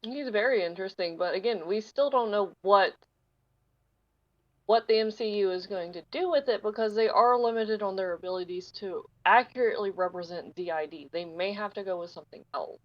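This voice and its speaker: A woman co-hosting a podcast in casual chat, excitable and swearing freely. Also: medium pitch, fairly quick, no echo, lo-fi sound. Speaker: podcast co-host.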